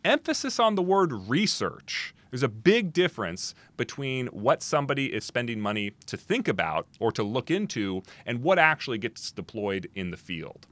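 A man answering as the guest expert in a podcast interview, talking in an animated, emphatic way with quick restarts and asides. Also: medium pitch, no echo.

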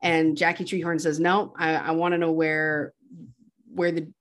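A woman's voice: sits low, level tone, a little slow. A woman retelling a film plot in casual chat, quoting characters and laughing now and then. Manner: chatty retelling with quoted lines and laughs. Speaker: podcast co-host.

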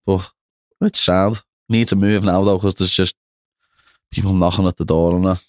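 A man's voice: deep voice, steady tone, normal speed, no echo, clean studio sound. A young man with a Liverpool accent, chatting as a podcast guest and tagging on "know what I mean". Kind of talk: casual chat.

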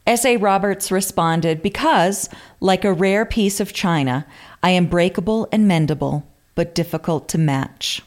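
A woman with a fairly low voice hosts a casual podcast chat. She reads old letters aloud with an amused, theatrical flourish, breaking off into light asides between them. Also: measured pace. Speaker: podcast co-host.

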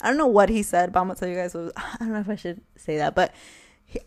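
A woman's voice: lowish voice, fast talker. A young woman hosting a casual podcast alone, talking candidly with many fillers and frequent laughter. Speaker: podcast host. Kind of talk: casual solo podcast chat.

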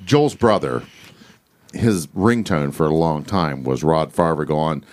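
A man on a podcast, a police officer, telling a work story with animated laughter. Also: rumbling low, takes it slowly. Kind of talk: casual chat.

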